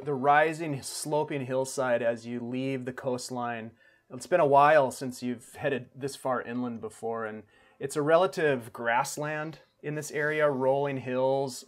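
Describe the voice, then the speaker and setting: A man running a tabletop game as game master, giving unhurried descriptive narration of the scene. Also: mid-range voice.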